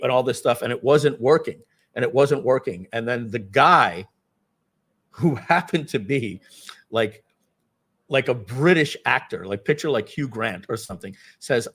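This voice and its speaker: A man's voice: mid-range voice, moderate pace, a bit bright, slightly rough. A man hosting a live online workshop, telling a rambling anecdote with lots of fillers. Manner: rambling, many fillers, acts out quotes. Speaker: webinar host. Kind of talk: casual storytelling.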